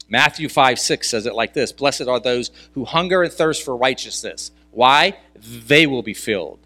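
A man's voice: mid-range voice, sing-song, normal speed, pushed and bright, dry recording. A male pastor preaching a sermon in a conversational way, asking rhetorical questions and repeating key words for emphasis.

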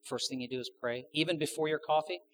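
A man's voice: fairly high pitch, quick pace. A man preaching a sermon to his congregation, conversational, asking the audience questions and adding joking asides. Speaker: pastor.

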